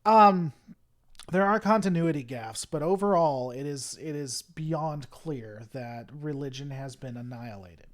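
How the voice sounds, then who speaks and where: A man's voice: on the high side, measured pace. A young man with a Southern US accent, rambling through a casual livestream chat with viewers, full of fillers and restarts. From Tennessee, US. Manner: rambling, many fillers and restarts, heated then apologetic. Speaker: livestream host. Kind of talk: casual live-stream chat answering viewers.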